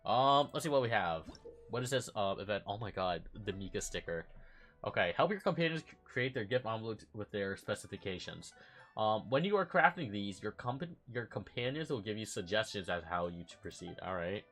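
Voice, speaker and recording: Low-voiced guy playing a game and chatting, reads the lines out, swoops up when excited, soft game music behind. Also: fairly quick. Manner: chatty, reads game dialogue aloud, gushes, many ums. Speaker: gamer playing through an event. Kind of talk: casual let's-play commentary.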